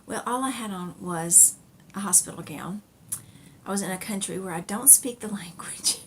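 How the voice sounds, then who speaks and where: A woman's voice: mid-range voice, normal speed, a little hiss or hum. Chatty woman telling a personal story. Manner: chatty, rambling, with fillers and laughs. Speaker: knitting podcast host.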